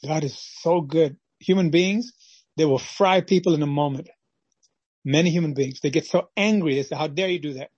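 Man preaching a devotional, fiery, acts out the voices in his story, kinda husky, dull dry sound. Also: a little high, moderate pace, darkish tone, dry recording. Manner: impassioned, acts out quoted voices of God and Cain. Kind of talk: devotional sermon.

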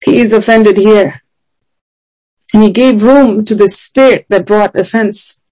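A woman's voice: mid-range voice, unhurried, dark tone, low-quality recording. A woman preaching a sermon in an earnest, emphatic way, often asking rhetorical questions.

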